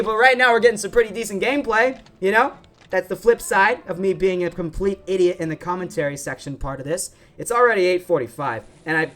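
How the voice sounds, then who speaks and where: A teenage boy giving casual, rambling commentary over his gameplay, excitable and full of asides. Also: a little high. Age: teens. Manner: rambling and excitable, often saying okay and freaking. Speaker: gaming YouTuber.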